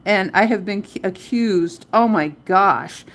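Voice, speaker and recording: A woman's voice: medium pitch, unhurried, a bit bright. A middle-aged woman hosting a live crochet tutorial, chatting casually and counting her stitches aloud. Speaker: crochet livestream host.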